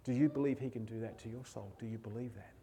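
A man preaching a sermon as pastor, emotional, moving between hushed and raised passages. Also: mid-range voice, fast, a little hiss or hum.

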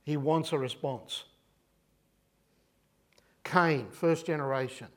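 An Australian man preaching a sermon in a conversational, animated way, full of rhetorical questions. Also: fairly high pitch, unhurried, pauses often.

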